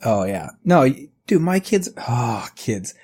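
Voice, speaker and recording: This thirty-something male podcast co-host speaks slowly in a husky, darkish, sing-song mid-range voice. The conversation is casual, and he wanders off topic, curses without restraint, and breaks into laughter a lot.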